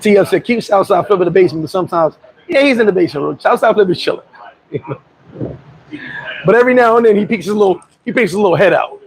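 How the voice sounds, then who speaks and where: An American man hosting a casual livestream. He rambles through viewer comments and shout-outs, often restarting and chuckling. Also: high voice, lively intonation, fast, a little hiss or hum, rough recording. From United States. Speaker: livestream host.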